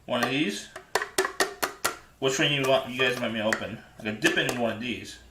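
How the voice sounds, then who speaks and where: A man's voice: medium pitch, fairly quick, echoey room, loud music behind the voice. Hesitant man eating on a livestream. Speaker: livestream host. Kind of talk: casual livestream chat while eating.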